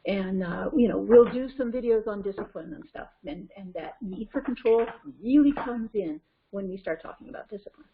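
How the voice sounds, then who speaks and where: A woman's voice: medium pitch, moderate pace, hardly any pauses, slight background noise. A woman parenting coach teaching a webinar in a conversational way, often checking in with "okay?" and "right?". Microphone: conference call line. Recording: muffled web call audio.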